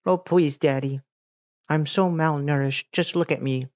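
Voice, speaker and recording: A spoiled male house cat begs in a whiny, high voice with a strange, unplaceable accent, as a man puts him on. The sound is dry and a little dull. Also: steady tone, measured pace, darkish tone, dry recording, close to an everyday voice. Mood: pleading. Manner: whiny, begging, oddly accented.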